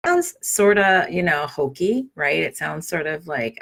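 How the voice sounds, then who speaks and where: A woman's voice: sits low, expressive, measured pace, vocal fry, hardly any pauses, a bit bright. A middle-aged woman hosting a spiritual podcast, talking in a loose, rambling way with many fillers and restarts. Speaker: podcast host and spiritual guide. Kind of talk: casual spoken monologue.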